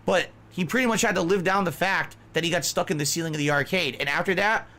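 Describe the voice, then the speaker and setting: A man's voice: sits high, fast talker, pushed and bright. A middle-aged man hosting a casual reaction stream, who tells stories, laughs often and reads out viewer messages. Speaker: streamer host.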